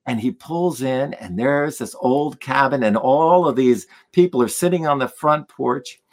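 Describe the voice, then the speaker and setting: A man telling stories in conversation as a guest musician, animated and acting out the voices of the people in them. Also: mid-range voice, unhurried. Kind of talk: storytelling in a conversation.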